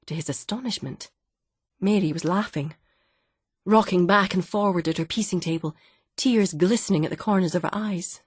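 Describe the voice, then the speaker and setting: Husky woman narrating an audiobook. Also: lowish voice, normal speed, no room sound, studio quality. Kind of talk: scripted narration.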